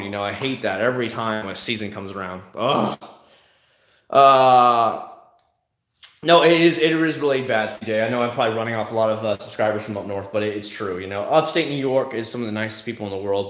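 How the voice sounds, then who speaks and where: A man's voice: mid-range voice, fairly bright tone. Man, middle-aged, from South Florida, live chat host, blunt, profane, mid-range voice, echoey room. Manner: blunt, profane, mocking impressions of others. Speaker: livestream host answering chat. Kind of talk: casual ranting chat. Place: home room, in Kissimmee.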